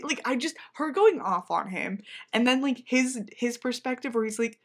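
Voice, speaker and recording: A woman's voice: on the high side, animated, normal speed, hardly any pauses. A woman co-hosting a book podcast, talking casually with many fillers and trailing-off sentences. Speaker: podcast co-host.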